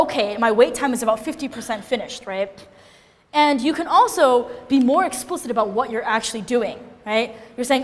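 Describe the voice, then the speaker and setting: Woman, casual lecture, animated, fairly high voice, long hall reverb. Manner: animated, often checks in with "right?".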